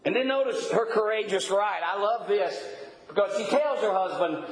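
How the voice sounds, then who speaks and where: A man's voice: high-pitched, animated, normal speed. An older man preaching a sermon in a folksy way, with stammered restarts and chuckling asides. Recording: echoey room.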